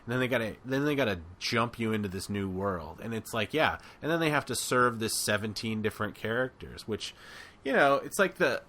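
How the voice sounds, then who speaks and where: Bright-voiced man in rambling chat. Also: medium pitch, a little fast. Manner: rambling, filler-heavy, animated. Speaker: podcast co-host. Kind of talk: casual chat.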